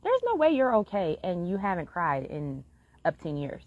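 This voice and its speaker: A woman's voice: on the low side, big pitch swings, normal speed, dry recording. A woman talking frankly and earnestly in a live-stream monologue, swearing freely as she urges listeners. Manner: earnest, heartfelt encouragement. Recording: dull lo-fi, dry sound.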